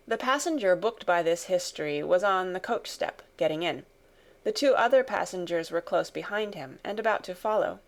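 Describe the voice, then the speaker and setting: A woman narrating a classic novel as an audiobook, in a steady, measured storytelling voice. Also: on the low side. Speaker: audiobook reader.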